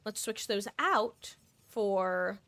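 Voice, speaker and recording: A woman's voice: medium pitch, extremely slow, pushed and bright, no echo. A young adult woman streaming a game, thinking aloud in casual commentary with self-mocking asides.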